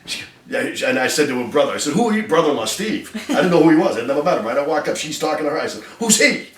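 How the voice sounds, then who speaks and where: A man's voice: a little high, lively intonation, rapid-fire, distant mic, slight background noise. A middle-aged man telling the story of his marriage in a casual interview, acting out the quotes with bursts of laughter. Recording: echoey room from afar with music.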